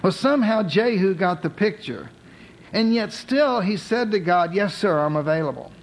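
High-voiced male preacher, joking storyteller. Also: animated, moderate pace, slight background noise, poor audio. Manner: storytelling with humorous modern asides. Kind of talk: sermon.

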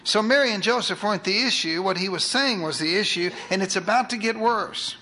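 A man preaching a sermon, retelling scripture with lively asides to his congregation. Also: sits high, brisk, a little hiss or hum, poor audio. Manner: animated storytelling with asides to the congregation.

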